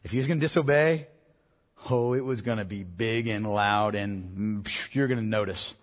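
A pastor preaching a sermon to parents in an earnest, emphatic way. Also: male voice, lowish voice, normal speed. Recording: long hall reverb.

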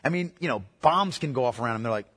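A man preaching a sermon in a conversational way, moving between hushed, slow passages and emphatic, urgent ones. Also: mid-range voice, animated. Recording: echoey hall with long reverb.

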